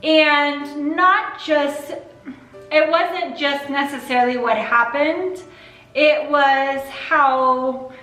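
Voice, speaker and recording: A woman's voice: sits high, steady tone, extremely slow, bright, forceful tone, echoey room, soft background music, poor audio. A woman in her thirties answering viewer questions in a casual vlog, earnest and open about fostering, at times holding back tears. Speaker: vlogger, foster and adoptive mother.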